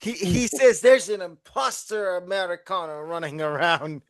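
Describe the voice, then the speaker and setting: A man's voice: sits high, moderate pace, dry recording. A man co-hosting a casual podcast, chatting about wrestling and laughing often as he talks. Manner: laughs often while talking. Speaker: podcast co-host.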